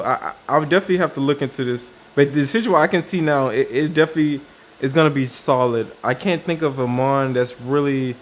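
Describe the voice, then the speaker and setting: A man talks through a set of game cards off the cuff, stopping often to think and restarting his sentences. His voice sits in an ordinary middle pitch. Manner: thinking aloud with many fillers and restarts. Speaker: card game video creator. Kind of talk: casual commentary on card reviews.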